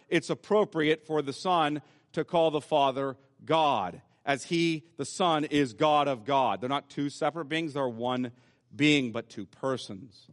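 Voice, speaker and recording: A man's voice: on the high side, in a large hall. A man preaching a sermon as pastor, explaining scripture step by step in a teaching manner. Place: church sanctuary.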